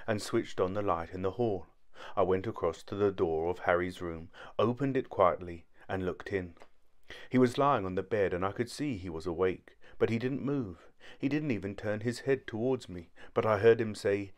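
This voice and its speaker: A man narrating a short story in steady first-person storytelling. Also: lowish voice. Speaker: audiobook narrator.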